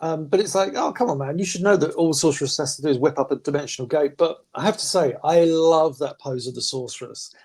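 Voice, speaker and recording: Guy chatting comics on a podcast, kinda high voice, does silly voices for quotes. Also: fairly quick, few pauses. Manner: animated, slips into mocking voices for quotes. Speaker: podcast host reviewing comics. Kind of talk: casual chat.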